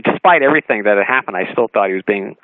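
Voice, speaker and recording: A man calls in as a guest to tell a story. His gravelly voice comes through a thin, phone-like line with no room sound at all. He keeps it animated, acting out the dialogue and laughing often. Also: lowish voice, rapid-fire, dry recording. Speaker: author and interview guest. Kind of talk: anecdotal storytelling on a radio talk show. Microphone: phone call-in. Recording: narrowband phone line, dry.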